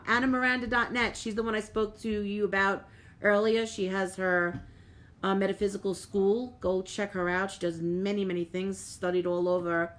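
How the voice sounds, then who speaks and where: A middle-aged woman medium, hosting a live stream and talking earnestly to viewers, with lots of "like" and repeated words. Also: lowish voice. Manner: reads out viewer comments and thanks viewers by name.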